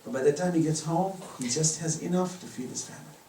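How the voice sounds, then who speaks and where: A man's voice: on the high side, fast talker, dark tone, a little hiss or hum. A middle-aged man giving an impassioned religious lecture in a private home, pressing his points with emphatic rising questions. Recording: roomy echo, distant from the mic.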